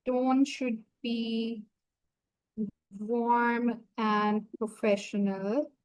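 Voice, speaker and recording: Woman trainer, fairly high voice, slow screen-share walkthrough, talks through every click. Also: flat delivery, poor audio. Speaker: software trainer. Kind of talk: screen-share software tutorial.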